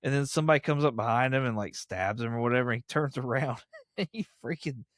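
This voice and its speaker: A man co-hosting a podcast, excitedly retelling comic scenes, swearing and laughing as he talks. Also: medium pitch, quick pace, dry recording, clean studio sound. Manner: lively, excitable, swears, laughs while telling. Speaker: podcast co-host. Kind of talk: casual comic review chat.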